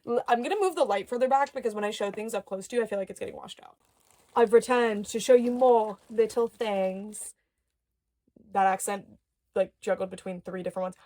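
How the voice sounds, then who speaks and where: A young adult woman chatting casually as she unboxes dolls and toys, excitable, with gasps and soft murmured asides. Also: medium pitch, fairly quick. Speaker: doll collector YouTuber.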